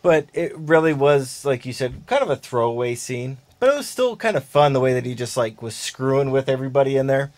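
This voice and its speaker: A man's voice: medium pitch, expressive, a little fast, few pauses, a little mellow, no echo. Easygoing man recounting movie scenes. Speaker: podcast co-host. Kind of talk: casual movie chat.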